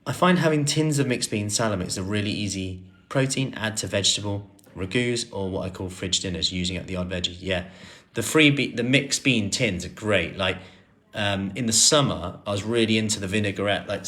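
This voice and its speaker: A man in his thirties, a personal trainer chatting through viewer questions on a live stream, relaxed with plenty of fillers and restarts. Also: on the low side, normal speed.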